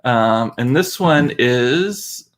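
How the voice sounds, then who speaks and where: A man's voice: mid-range voice, animated, drawn-out words. A man hosting a casual livestream from his home computer, chatty and laughing at himself. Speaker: livestream host, father. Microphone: computer mic.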